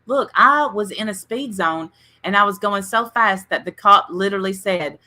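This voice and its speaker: A chatty woman hosting a casual livestream. Her voice is bright and forward. She tells rambling stories and talks straight to the people in her chat. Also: mid-range voice, expressive, normal speed. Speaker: livestream host.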